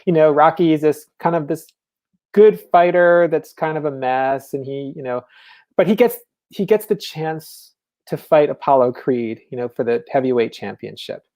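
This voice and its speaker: Mellow-voiced man talking about writing. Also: fairly high pitch, moderate pace. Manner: enthusiastic, conversational, many fillers. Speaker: novelist, festival speaker. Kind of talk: casual lecture on writing.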